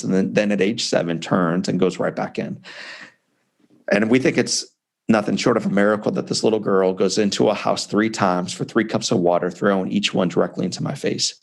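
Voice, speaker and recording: Gravelly, earnest man telling his story. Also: on the low side. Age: 40s. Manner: earnest, impassioned, with dramatic pauses. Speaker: author and guest speaker. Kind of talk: emotional personal storytelling in an interview. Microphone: video call.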